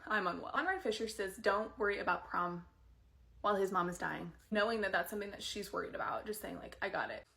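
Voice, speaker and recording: A woman giving rapid-fire fan commentary on a TV episode, animated and opinionated, sometimes dropping into whispered asides. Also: mid-range voice, vocal fry.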